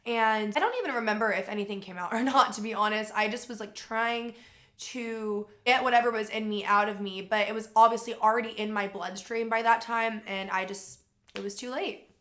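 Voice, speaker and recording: A young woman telling a personal story to camera in a casual, animated way, with lots of "like" fillers. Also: on the high side, a little fast. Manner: animated retelling with frequent "like" fillers.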